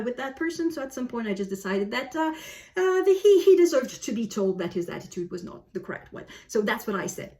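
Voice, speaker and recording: A woman's voice: on the high side, darkish tone. A woman from Canada, a book video host, giving casual spoken commentary in a rambling way with many fillers and restarts. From French Canada.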